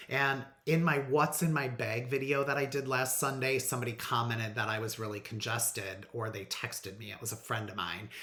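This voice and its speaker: A man casually telling his own story to the camera, earnest and animated, with some fillers. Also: medium pitch. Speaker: vlogger. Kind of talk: casual personal vlog. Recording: roomy echo.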